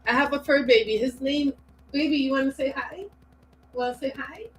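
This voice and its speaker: A soft-spoken woman from New York with a Bronx accent, a guest chatting casually on a livestream. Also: high voice, a little hiss or hum, low-quality recording. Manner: slow, soft-spoken, laughs easily. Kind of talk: casual chat.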